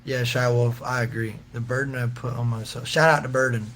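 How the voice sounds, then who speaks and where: A man's voice: mid-range voice, fairly even intonation, fairly quick, a bit bright, slight background noise. A man hosting a casual livestream, reading out viewers' comments and answering in a loose, joking, slangy way with frequent laughs. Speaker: livestream host reading chat.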